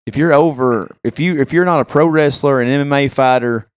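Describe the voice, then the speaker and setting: Podcast co-host, man, mid pitch, dry close sound, animated storyteller. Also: a little fast, smooth, dry recording. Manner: animated storyteller acting out quotes. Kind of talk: casual chat.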